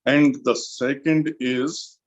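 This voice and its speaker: Here a male lecturer from India, speaking Indian English, slowly covers a literature lesson and keeps repeating central terms to emphasize them. His tone is steady and his voice mid-range, but the high frequencies are cut off.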